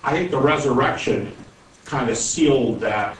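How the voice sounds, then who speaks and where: A man's voice: mid-range voice, moderate pace, a little hiss or hum. A middle-aged man giving a public talk as a Christian apologist, earnest, and acting out conversations as he tells a story. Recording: roomy, distant hall recording.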